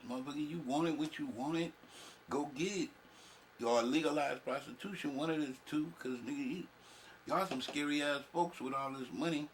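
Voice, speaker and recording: A man's voice: fairly high pitch, moderate pace. Brief: male reaction host, crude and joking, faint hiss behind. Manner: loud, joking, crude, talks back at the clip. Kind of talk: profane casual commentary over a clip.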